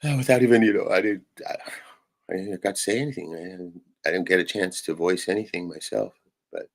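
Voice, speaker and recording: Deep gravelly guy venting on stream, swears a lot, kinda rambly. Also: expressive, fairly quick. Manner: rambling, fills with "right?" and swearing. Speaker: live streamer. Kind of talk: casual venting monologue.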